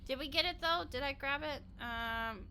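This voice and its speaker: A woman's voice: high-pitched, moderate pace, pushed and bright, a little hiss or hum. A young adult woman streaming a game, chatting casually in a bubbly way, laughing often and swearing offhandedly. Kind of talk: casual live-stream chat while playing.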